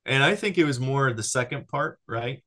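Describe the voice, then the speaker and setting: A man talks through discipleship in a loose, conversational teaching style. He is animated, restarts his sentences often and keeps checking in with his listener. His voice sits at an ordinary middle pitch. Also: moderate pace. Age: adult with a child. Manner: animated, lots of restarts and "right?" check-ins.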